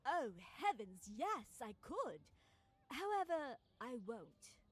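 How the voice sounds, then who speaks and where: A woman's voice: high-pitched, big pitch swings, slow, full character voice. An actress playing a prim, self-important noblewoman who speaks in a condescending way. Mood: haughty.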